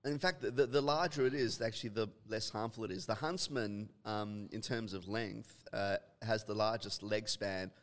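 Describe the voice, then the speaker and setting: An Australian man with a fairly low voice, talking casually on a podcast and filling his explanations with ums and laughs. The recording carries a long, ringing reverb. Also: moderate pace, few pauses. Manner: explains at length with many ums, laughs easily. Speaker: guest.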